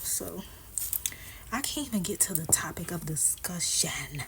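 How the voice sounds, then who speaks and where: A woman's voice: fairly low pitch, animated, unhurried, noisy background. A woman vlogger chatting casually and candidly while she does her hair, often dropping into a half-whisper. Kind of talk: casual chat.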